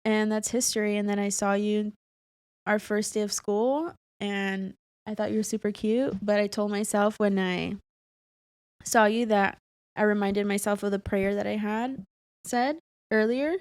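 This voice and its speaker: A woman's voice: mid-range voice, steady tone, measured pace, darkish tone, clean tone, dry recording. A young woman co-hosting a podcast, telling a personal story in casual chat, full of fillers and close to tears at times. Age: young adult. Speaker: podcast co-host.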